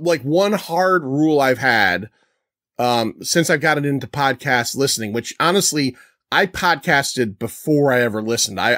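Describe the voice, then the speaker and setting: A man's voice: mid-range voice, a bit bright, no room sound, clean studio sound. A man hosting a podcast, chatting in a laid-back, rambling way. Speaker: podcast host. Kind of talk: casual chat.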